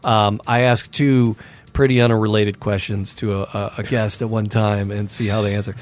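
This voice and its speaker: A man's voice: fairly low pitch, level tone, normal speed. Rambling man hosting a chat. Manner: rambling, self-deprecating, many fillers and restarts. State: slightly squeaky voice from recording all day. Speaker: podcast host. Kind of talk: casual chat.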